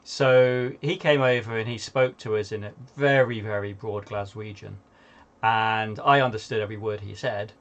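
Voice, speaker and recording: A man from Manchester with a mixed Northern English accent carrying a trace of Australian twang, chatting casually and trailing off softly. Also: on the low side, fairly even intonation, moderate pace. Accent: mixed Northern English with some Australian twang. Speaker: player. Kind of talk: casual chat.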